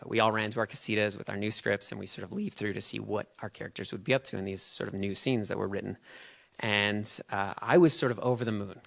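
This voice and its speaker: A man's voice: fairly low pitch, vocal fry, fairly bright tone. A man telling a funny personal story on a live stage, chatty and self-mocking, laughing at his own tale. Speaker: storyteller and event host. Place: live stage in front of an audience.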